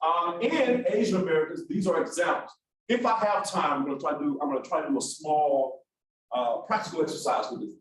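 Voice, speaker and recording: Lively high-voiced man teaching. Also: heavy reverb, distant mic, a little hiss or hum, poor audio. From Alabama, US. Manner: brisk, animated, calls on the room. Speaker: workshop instructor. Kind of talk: interactive classroom lecture. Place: large echoey classroom.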